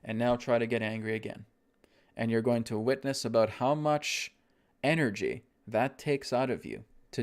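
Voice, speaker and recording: A man teaching a spiritual self-help lesson, guiding breathing in a slow, soothing way and often checking in with "right?". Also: medium pitch. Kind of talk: guided self-help talk.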